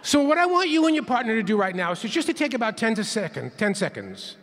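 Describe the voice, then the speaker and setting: A man's voice: high voice, big pitch swings, quick pace, fairly bright tone. A man giving a playful keynote talk, leading the audience in call-and-response counts in a large conference hall. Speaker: keynote speaker. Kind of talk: interactive plenary talk.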